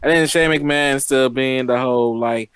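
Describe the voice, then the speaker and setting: A man co-hosting a casual review chat, talking excitedly and repeating himself. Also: medium pitch, normal speed, clean tone, no room sound, clean studio sound. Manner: chatty, repeats words when excited. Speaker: co-host.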